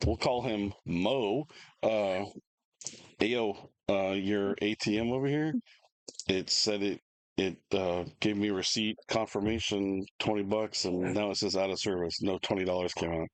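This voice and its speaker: Guy telling a long story, restarts a lot, kinda low voice. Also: moderate pace, dry recording, poor audio. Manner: rambling, animated storyteller with laughs and restarts. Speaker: podcast co-host. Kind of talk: casual storytelling chat.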